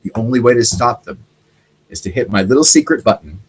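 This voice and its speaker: A man hosting a casual solo talk show, rambling and animated, now and then mimicking other people's voices. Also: mid-range voice, fairly quick, husky, rough recording. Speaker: podcast host.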